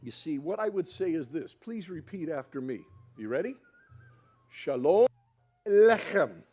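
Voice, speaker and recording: Lively high-voiced man teaching a crowd. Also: normal speed, breathy edge. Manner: friendly, coaxing the audience to repeat after him. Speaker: church speaker at a dinner event. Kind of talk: sermon-style teaching. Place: hall with an audience.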